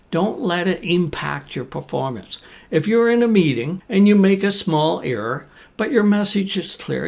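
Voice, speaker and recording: A man teaching business English, talking to camera in an encouraging, conversational way with deliberate pauses. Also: on the high side, gravelly. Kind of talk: talking-to-camera coaching talk.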